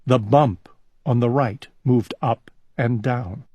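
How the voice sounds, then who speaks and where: A man reading a children's storybook aloud in a calm, gentle, unhurried way. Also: mid-range voice, highs cut off.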